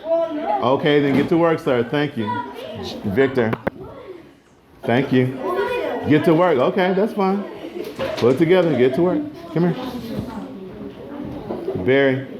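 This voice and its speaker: A man teaching a music class, keeping students on task with firm, brisk directions and some playful teasing. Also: on the high side, highs cut off, a crowd in the background. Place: school classroom. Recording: noisy classroom with students chattering.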